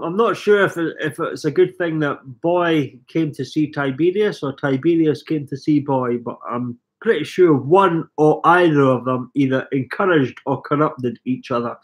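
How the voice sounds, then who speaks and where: A middle-aged Scottish man at home with a cold, coughing and chatting self-mockingly on a live stream while reading out viewer comments. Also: medium pitch. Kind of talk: rambling live stream chat. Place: living room at home.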